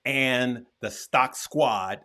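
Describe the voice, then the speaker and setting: Speaking extremely slowly in a bright, forceful mid-range voice, a male livestream host chats casually. He hammers his words with emphasis and repetition, restarting frequently, his encouragement heartfelt and preacher-like.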